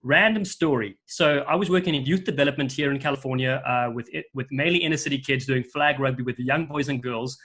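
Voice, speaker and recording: Man, middle-aged, bright and forceful voice, a lively storyteller who acts out quotes, guest commentator. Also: medium pitch, quick pace, few pauses. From South Africa. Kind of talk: casual chat, storytelling.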